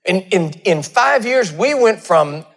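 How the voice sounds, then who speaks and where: A man who is a pastor, preaching a sermon with dramatic storytelling, rising to loud peaks and dropping to hushed asides, before a laughing audience. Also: sits high, lively intonation, measured pace.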